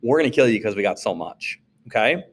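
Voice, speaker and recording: Animated man lecturing a class casually. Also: quick pace. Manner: animated, acts out quoted voices with big pitch jumps. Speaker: social studies teacher.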